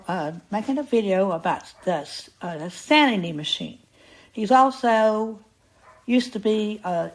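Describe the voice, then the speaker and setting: An older woman defends a friend and cusses out a critic in indignation. Her voice sits at a medium pitch. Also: low-quality recording. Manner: indignant, cussing.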